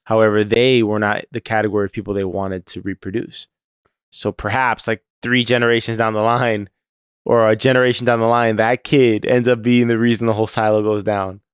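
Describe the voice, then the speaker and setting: A man with a lowish, smooth, resonant voice talks through a TV episode in a relaxed podcast chat. He is lively and sometimes jumps up high to act out a character's lines. The sound is dry and close, with no room around it. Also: a little fast, no echo. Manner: animated, acts out lines from the show in raised voices. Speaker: podcast co-host. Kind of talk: casual chat about a TV episode.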